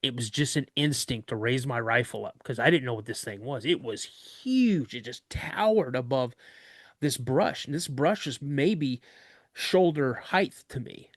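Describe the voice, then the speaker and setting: A man guest on a podcast, telling a story of an encounter in an animated way and acting out other people's voices. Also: mid-range voice, unhurried, dry recording, studio quality.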